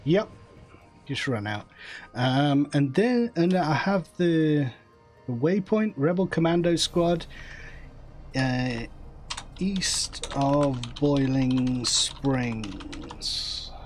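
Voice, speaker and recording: A man's voice: on the high side, lively intonation, very slow, faint music behind. A man streaming a game, chatting casually with friends and laughing easily. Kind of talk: casual gameplay chat.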